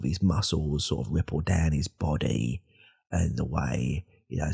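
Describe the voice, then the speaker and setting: Man playing a hushed, gravelly alpha podcaster. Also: full character voice. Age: 30s. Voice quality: gravelly, husky low voice. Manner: hushed, rambling, self-correcting. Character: self-important male alpha podcaster, insecure and rambling. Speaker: podcast host. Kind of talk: whispered role-play.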